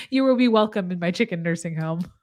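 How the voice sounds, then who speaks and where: In a casual live chat with her viewers, a woman nurse practitioner talks at normal speed with a lowish, somewhat dark, animated voice. Chatty by nature, she frequently breaks into laughter mid-sentence.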